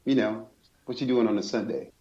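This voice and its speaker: A man's voice: mid-range voice, fairly even intonation, brisk, mellow, husky. A man co-hosting a podcast in casual chat, joking and teasing his partner. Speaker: podcast co-host. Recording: dull lo-fi line with faint noise.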